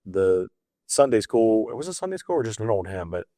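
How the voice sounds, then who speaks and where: A man's voice: lowish voice, very animated, fairly quick, warm tone, dry recording, clean studio sound. A man co-hosting a faith podcast in casual, reflective chat, with many fillers. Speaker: podcast co-host.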